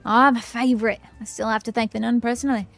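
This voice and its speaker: A woman voicing a bold seafaring pirate leader in a loud, declaiming game-dialogue delivery, with faint music behind. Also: on the high side, fairly even intonation, quick pace, gravelly. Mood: commanding.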